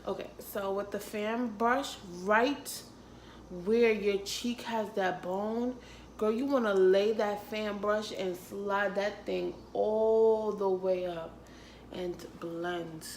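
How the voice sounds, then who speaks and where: A young woman makeup artist walks her viewers through a casual makeup tutorial in a sassy, playful way, laughing and calling them honey. She speaks at an unhurried pace. The room around her rings with echo, and a faint hum of ambience sits behind her. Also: mid-range voice, steady tone. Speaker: makeup artist and beauty vlogger. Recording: echoey room.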